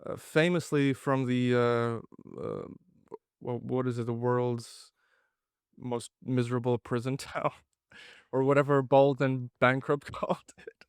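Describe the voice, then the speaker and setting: Irish guy talking about his plays, flat delivery, swears, dry close mic. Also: mid-range voice, unhurried, vocal fry, clear, resonant tone, dry recording. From Ireland. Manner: blunt, profane, self-deprecating. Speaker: playwright guest. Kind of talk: casual interview.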